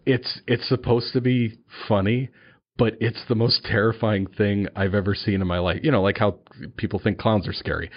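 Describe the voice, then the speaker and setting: A man co-hosting a casual podcast chat, talking eagerly and emphatically with quick wisecracks. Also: lowish voice, steady tone, muffled recording. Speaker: podcast co-host.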